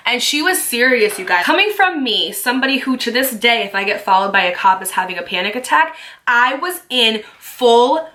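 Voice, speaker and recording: Bright-voiced young woman telling a story. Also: a little high, animated, normal speed. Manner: chatty, emphatic, many filler likes. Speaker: storytime vlogger. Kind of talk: casual storytelling.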